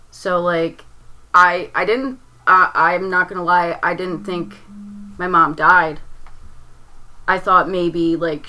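A young woman with a lowish, sharp-toned voice rambles through a painful personal story, leaning heavily on "like" and restarting sentences under strain. The recording quality is low.

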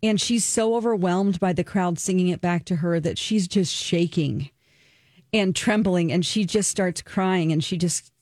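A woman's voice: lowish voice, unhurried, a little mellow, no echo. Earnest woman talk-radio host, dry sound. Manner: earnest, emotional and open, sharing personal experience. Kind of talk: casual talk-radio chat, reviewing a documentary.

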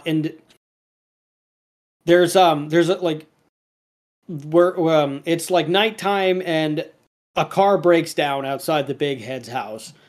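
A man in casual podcast chat, rambling through a cartoon episode with lots of fillers and restarts. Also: on the high side.

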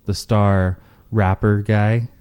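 A man's voice: on the low side, flat delivery, takes it slowly, clean tone, dull audio. A man chatting casually as a podcast co-host, crude and joking, swearing freely. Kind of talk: casual chat.

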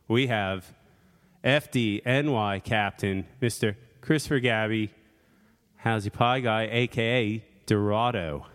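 Guy hosting a chill podcast, talks slow, joking around, long room echo. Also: lowish voice. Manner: playful, jokey, laughs often. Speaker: podcast host. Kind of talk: casual podcast chat. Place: studio in Brooklyn.

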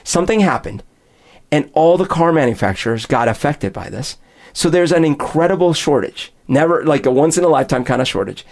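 Animated man telling a story. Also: on the high side, brisk, gravelly. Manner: animated storyteller, acts out both sides of dialogue. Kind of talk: casual chat.

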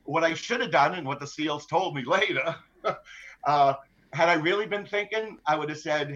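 A man's voice: on the high side, normal speed, a bit bright. A middle-aged ship captain telling his hostage story in a matter-of-fact way with dry humor, full of fillers and restarts. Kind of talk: conversational storytelling interview. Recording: dull lo-fi sound.

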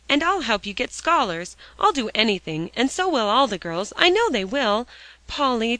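A woman's voice: a little high, bright, forceful tone, no room sound, voice pushed up, rough recording. A woman voicing a tearful young girl who whimpers and pleads, reading a storybook aloud. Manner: whimpering, sobbing pleas.

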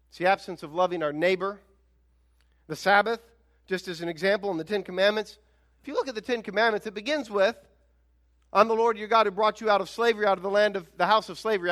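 Guy preaching a sermon, really high voice, talks like he's chatting but gets worked up with big rhetorical questions. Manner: animated, conversational preaching with emphatic rhetorical questions. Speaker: pastor.

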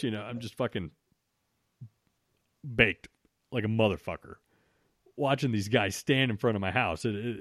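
A man's voice: mid-range voice, no echo. Brief: man, profane storyteller, lots of restarts, dry close mic. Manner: swears freely, frequent restarts, animated retelling.

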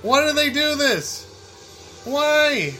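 A man's voice: very high voice, very animated, drawn-out words, bright, forceful tone, soft background music. A man commenting on his own gameplay, cursing, complaining and laughing in frustration at a boss fight. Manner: swearing, exasperated and laughing, talks to the game. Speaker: gamer playing a video game.

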